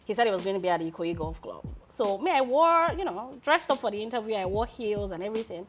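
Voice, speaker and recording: A woman in her thirties with a Nigerian accent tells stories from her career as an interview guest. Her voice sits at an ordinary middle pitch, and she is lively and quick to laugh. Faint music plays behind her. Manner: lively storyteller, often breaks into laughter. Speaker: guest, lawyer and founder. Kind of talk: casual interview storytelling.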